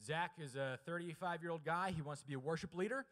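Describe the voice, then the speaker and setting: Man, sermon, slightly high voice, hushed to loud emphatic delivery, long chapel reverb. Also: quick pace. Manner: asks the audience questions and urges them to answer. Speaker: chapel speaker. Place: college chapel.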